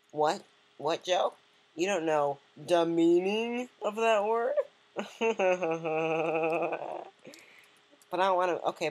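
A woman's voice: sits low, a little mellow, husky. A woman giving casual, joking let's-play commentary and chatting to the game's characters. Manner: joking, rambling, talks to game characters.

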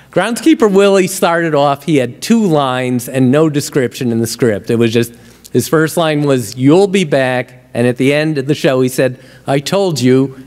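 A man, a comedy writer, telling behind-the-scenes stories to an audience in a wry, punchline-driven way. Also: a little high. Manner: wry, punchline-driven, gets louder and livelier at the jokes. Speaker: TV comedy writer and guest speaker. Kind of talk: storytelling talk to an audience. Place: lecture hall with a live audience. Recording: long hall reverb.

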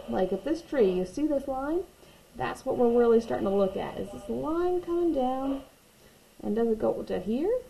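Gravelly-voiced woman teaching watercolor. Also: fairly high pitch, mellow, a little hiss or hum, rough recording. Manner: patient, reassuring, repeats key points. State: hiccups. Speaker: art teacher. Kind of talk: watercolor painting tutorial.

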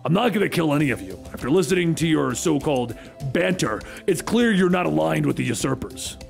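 A man voicing a huge talking male dinosaur who speaks gravely and formally, in a comic story recap. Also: fairly high pitch, animated, a little fast, faint music behind.

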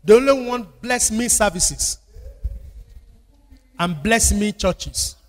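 A man's voice: high voice, expressive, slow pace. A man with a Nigerian accent preaching a sermon as pastor, repeating phrases and calling on the congregation to answer. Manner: call-and-response preaching with repetition. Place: church. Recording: church hall with long reverb.

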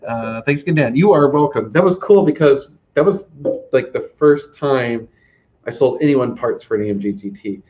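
A man's voice: mid-range voice, normal speed. A man, hosting a casual livestream chat and rambling with lots of fillers. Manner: relaxed, rambling with many fillers. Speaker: host. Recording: slightly dull lo-fi audio.

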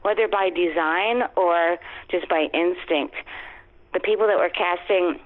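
A woman's voice: fairly low pitch, a little slow. Woman in her 50s telling showbiz stories over a phone line, chatty, acts out the quotes, tinny sound. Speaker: guest actress. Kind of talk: casual interview storytelling.

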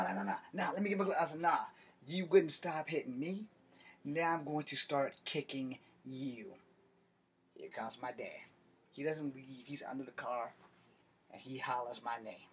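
A man's voice: mid-range voice, a bit bright, a little hiss or hum. A man, a martial artist telling a story from his youth in a blunt, profane, boastful way. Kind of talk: casual storytelling monologue.

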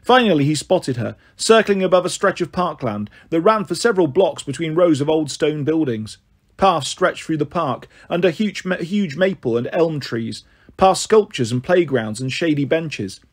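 Husky man reading a storybook aloud. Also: fairly high pitch, normal speed. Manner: steady, occasionally stumbles on words. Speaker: narrator. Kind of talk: audiobook reading.

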